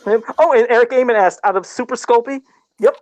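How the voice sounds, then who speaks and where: A man's voice: very high-pitched, fast, no room sound. A middle-aged man in casual podcast chat, laid-back and self-deprecating, often laughing at himself while talking about toy customs.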